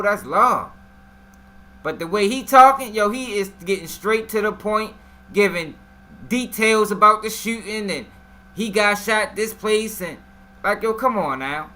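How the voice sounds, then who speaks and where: A man giving slangy, casual commentary to his live-stream viewers, often asking what they think. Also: sits high. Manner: slangy, animated, talks straight to the viewers.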